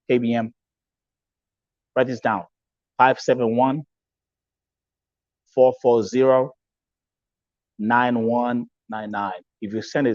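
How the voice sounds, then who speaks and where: Speaking at a medium pitch on a dull, echo-free recording, a Kenyan man with a Kenyan English accent hosts a live-stream talk show. He's emphatic and repeats himself, mixing in Swahili phrases and reading viewer comments aloud.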